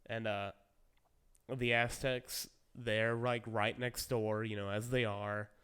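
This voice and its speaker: A man's voice: fairly low pitch, little pitch movement, slow pace, fairly bright tone, smooth. A young man streaming, chatting casually and rambling through game stories with acted-out quotes. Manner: rambling storyteller acting out quoted lines. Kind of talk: casual gaming chat.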